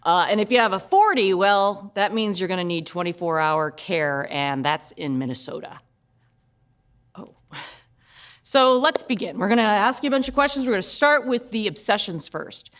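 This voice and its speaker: A woman's voice: medium pitch, expressive, moderate pace, fairly bright tone, lightly acted. A woman voicing a big, confident male doctor who talks in a blunt, matter-of-fact way. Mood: brusque.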